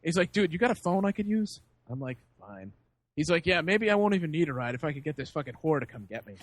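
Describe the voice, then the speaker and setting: A man with a high voice tells a story on a podcast. He is animated and laughs often. He acts out the people in the story as he goes. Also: rapid-fire, dry recording. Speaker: podcast host. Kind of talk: casual storytelling.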